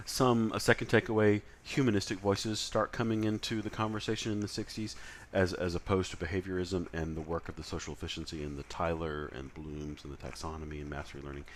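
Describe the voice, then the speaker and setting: A man's voice: extremely low pitch, a little hiss or hum. A man lecturing in a conversational way, with frequent fillers and self-corrections. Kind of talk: recorded lecture.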